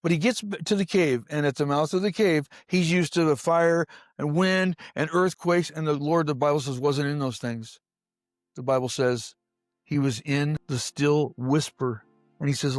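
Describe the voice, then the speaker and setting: Emphatic preacher man, higher voice. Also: normal speed, dry recording, soft background music. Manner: emphatic preacher cadence, repeats phrases. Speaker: guest, former pastor. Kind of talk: storytelling interview talk.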